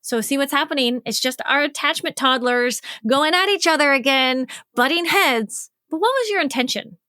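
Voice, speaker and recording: A woman relationship coach explaining a method on her own podcast, frank and animated, acting out both partners' lines. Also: sits high, normal speed, no echo, clean studio sound. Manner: frank, swears casually.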